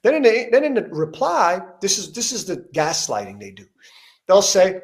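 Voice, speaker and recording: A man's voice: high-pitched, huge pitch swings, moderate pace. A man hosting an interview, talking emphatically with frequent restarts and rising intensity as he gets worked up. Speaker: podcast host interviewing a politician. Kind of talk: heated conversational interview.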